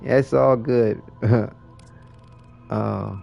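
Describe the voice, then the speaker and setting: A man's voice: mid-range voice, steady tone, extremely slow, creaky, dull audio, faint music behind. A man streaming a game, chatting casually with viewers in a rambling way, full of restarts and fillers. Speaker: livestreamer. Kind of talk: casual chat while gaming.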